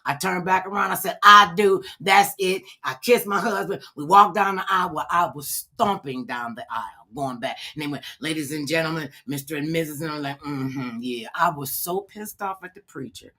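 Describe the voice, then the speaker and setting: An older woman hosting a talk show, telling a long story in a casual, animated way and acting out the quotes. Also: low-pitched, brisk, few pauses, breathy edge.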